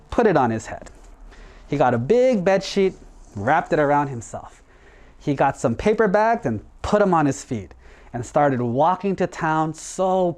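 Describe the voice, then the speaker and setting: A monk telling a story in a children's sermon, in an animated, playful way. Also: male voice, fairly high pitch.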